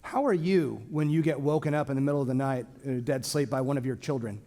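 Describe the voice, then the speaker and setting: A man teaching a small church Bible class in a casual, joking way, with lively asides to his listeners. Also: mid-range voice, fast. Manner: lively, joking, acts out quoted speech.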